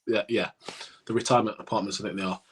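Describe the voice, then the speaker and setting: On a casual podcast, a former cricketer co-hosting the show tells a cricket anecdote with animation, acting out what people said. His voice is fairly low and quick, with slight background noise in the recording.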